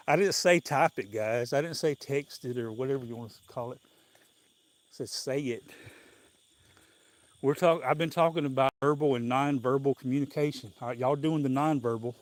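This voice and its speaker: A man's voice: medium pitch, moderate pace, long pauses. A man with a Southern US accent, hosting a casual live stream outdoors on a walk and telling rambling, folksy stories with frequent chuckles.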